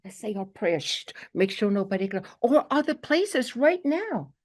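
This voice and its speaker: A spiritual teacher from New York, her Brooklyn accent clear, addresses a group with earnest, very animated delivery in a medium-pitched voice at a moderate pace. She keeps checking in with "okay" and acts out quotations.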